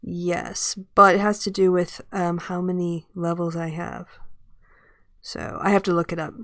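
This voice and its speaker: A woman's voice: on the low side, level tone, a little slow, fairly bright tone, no echo, clean studio sound. A woman playing a tabletop game over an online call, unsure and checking her numbers aloud. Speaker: player. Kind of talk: casual game chat.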